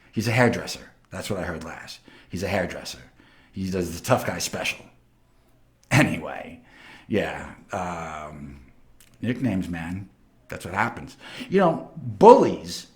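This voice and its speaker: Profane, boastful New York man. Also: fairly low pitch. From Long Island, New York. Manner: animated, boastful, heavily profane. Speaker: host. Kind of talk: casual storytelling.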